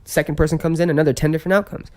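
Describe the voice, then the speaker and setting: A man in his thirties telling stories as a podcast guest, with heavy swearing and animated delivery. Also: a little high, racing. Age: 30s. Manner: profane, animated storyteller. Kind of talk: casual podcast chat.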